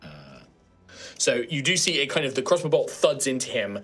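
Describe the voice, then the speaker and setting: A man's voice: mid-range voice, animated, moderate pace, a bit bright, faint music behind. A man acting as game master, explaining rules and narrating the scene in rambling, filler-heavy sentences. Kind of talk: narrating and ruling a tabletop game.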